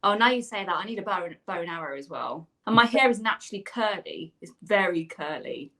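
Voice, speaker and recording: A woman's voice: lowish voice, expressive, brisk, bright, forceful tone. An actress, a woman, chatting enthusiastically and at length as a guest in a video call interview.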